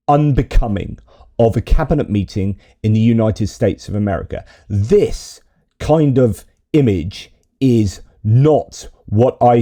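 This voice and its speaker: A man's voice: medium pitch, dark tone. A man giving exasperated, indignant political commentary while reacting to video clips.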